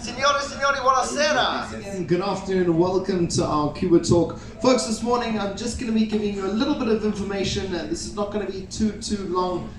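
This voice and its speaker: A man's voice: high voice, a little fast, hardly any pauses, fairly bright tone. A man from South Africa working as a cruise director, hosting on stage with upbeat jokes for the audience. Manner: upbeat showman, jokes with the crowd. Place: cruise ship theatre stage. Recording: echoey hall from far off, crowd and music.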